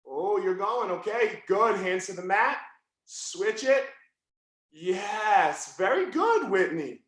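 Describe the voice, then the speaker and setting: Loud, yelling jiu-jitsu coach. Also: male voice, high-pitched, big pitch swings, takes it slowly, very echoey. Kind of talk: live online class instruction.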